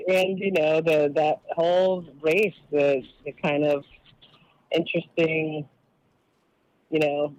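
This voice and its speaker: A woman's voice: low voice, a little mellow. A woman calls into a podcast from work and talks loosely, with many fillers and small laughs. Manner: hesitant, thinks aloud with many fillers and laughs. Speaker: caller, cannabis activist. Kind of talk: casual phone call into a podcast. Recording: dull phone-line sound.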